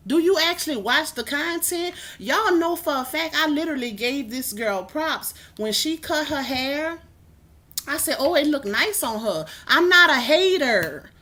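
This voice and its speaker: A sassy, animated woman hosts a casual livestream. Her voice sits a little high. She talks straight at her viewers from her home kitchen. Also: measured pace. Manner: sassy, animated, calls viewers "baby" and "y'all". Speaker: livestream host.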